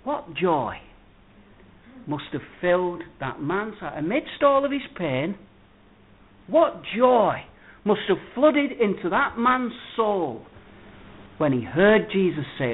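Male preacher, high animated delivery, emphatic with loud-soft swings, thin phone-line sound. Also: takes it slowly, pauses often, a little hiss or hum. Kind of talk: sermon. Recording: tinny phone-like audio.

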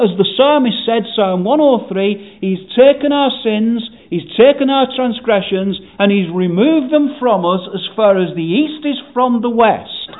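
A man preaching a sermon, animated, with frequent "you see" asides. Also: high voice. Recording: tinny phone-like sound.

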